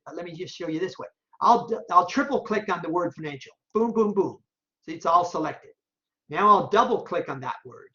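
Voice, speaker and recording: A professor talking through a software demo on a screen recording, casually thinking aloud while checking each option and repeating phrases. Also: mid-range voice. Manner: casual, chatty explaining with verbal tics. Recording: dull lo-fi recording.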